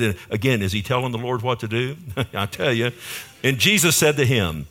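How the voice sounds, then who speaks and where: A man's voice: lowish voice, normal speed, a bit bright. A man preaching a sermon as pastor, in a conversational manner with frequent rhetorical questions to his listeners.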